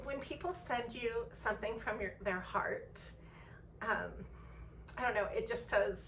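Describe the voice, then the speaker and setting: A woman reading tarot in a casual vlog, soft-hearted and rambling, with many pauses and ums. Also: mid-range voice, gravelly. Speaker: tarot reader. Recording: voice a bit far from mic, faint background noise.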